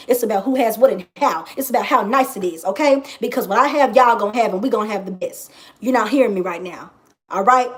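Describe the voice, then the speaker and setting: A woman astrologer talking in a casual vlog monologue, brash and profane, and she repeats phrases for emphasis. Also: medium pitch.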